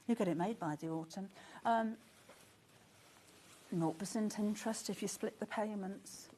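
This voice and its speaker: A woman presenting a live shopping channel, chatty and excitable, often gasping and laughing as she talks. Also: medium pitch, unhurried, slightly rough. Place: TV studio.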